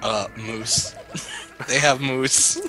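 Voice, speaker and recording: Sidekick co-host, male, dry offhand humor, bright tone, faint music behind. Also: mid-range voice, fairly even intonation, very slow, poor audio. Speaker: co-host friend. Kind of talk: casual gameplay commentary.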